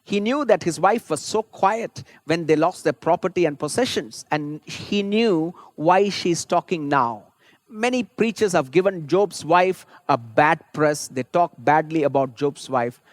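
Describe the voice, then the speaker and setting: A man's voice: a little high, no echo. A man preaching a sermon as a pastor, earnest and rising to fervent emphasis. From India.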